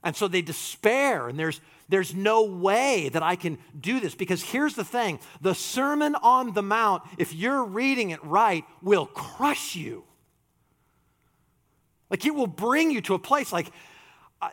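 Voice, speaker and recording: A male pastor delivers a sermon in a high, very lively voice. He swings between loud, emphatic lines and hushed ones, acting out quotes as he goes. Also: a little slow.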